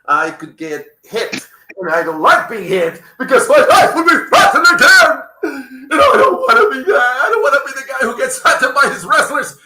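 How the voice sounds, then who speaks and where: A man putting on the voice of a whiny, frightened male company boss, half sobbing and shouting. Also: very high-pitched, very animated, normal speed, reverberant, pitched above the performer's own voice, full character voice, low-quality recording. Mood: whiny, fearful.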